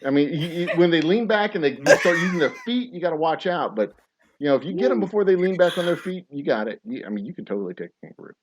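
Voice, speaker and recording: A man's voice: fairly high pitch, fast. A man hosting a podcast, chatting casually, telling stories animatedly and laughing often. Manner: animated storyteller, laughs a lot, acts out scenes. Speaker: podcast host. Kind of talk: casual chat.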